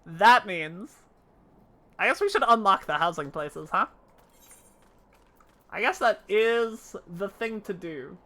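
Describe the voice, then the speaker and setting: A woman's voice: medium pitch, animated, slow, long pauses, bright, forceful tone. A woman streaming a game live, making playful asides between reading dialogue.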